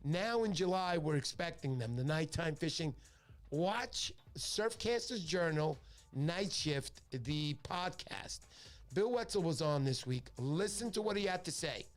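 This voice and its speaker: A man's voice: a little high, animated, a little slow. A middle-aged man, hosting a fishing livestream in casual chat, joking and rambling through his stories. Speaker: fishing show host.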